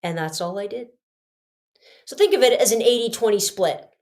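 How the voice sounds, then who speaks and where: A woman hosting a podcast, telling a personal story in an emphatic, lively way, swinging between punchy loud lines and hushed asides. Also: medium pitch, normal speed. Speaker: podcast host.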